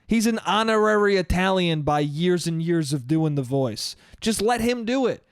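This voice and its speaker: Lively high-voiced man ranting casually. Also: moderate pace, clear, resonant tone, no echo, clean studio sound. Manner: rambling, profane, keeps saying "dude". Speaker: podcast host. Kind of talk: casual solo podcast monologue. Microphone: studio podcast mic.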